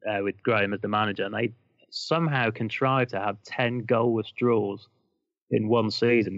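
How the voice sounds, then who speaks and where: A man with a gravelly, fry-edged voice chats about football with a wry, dry delivery. His sound is close, dead and slightly dull. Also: fairly low pitch, fairly bright tone, dry recording. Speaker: podcast co-host. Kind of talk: casual football chat.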